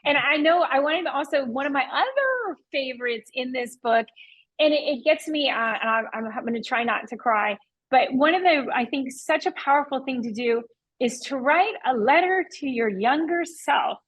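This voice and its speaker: Enthusiastic high-voiced woman hosting a podcast. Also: animated, normal speed, a bit bright, poor audio. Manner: enthusiastic and encouraging, full of praise. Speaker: podcast host and real estate agent. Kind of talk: interview conversation.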